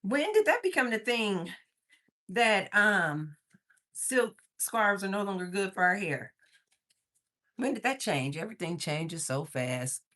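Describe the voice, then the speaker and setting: Speaking slowly in a mid-range voice that sounds pushed and bright, a Missouri woman hosts a casual livestream with great animation. She chats, laughs often and reads viewer comments aloud, slightly breathless as she moves around.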